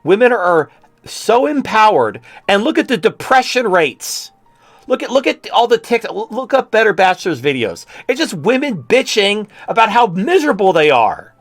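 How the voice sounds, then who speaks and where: A male host rants with profanity and biting sarcasm. His voice sits fairly high, and the recording is dry and close. Faint music runs underneath. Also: big pitch swings, moderate pace, no room sound. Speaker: show host. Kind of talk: opinion talk show.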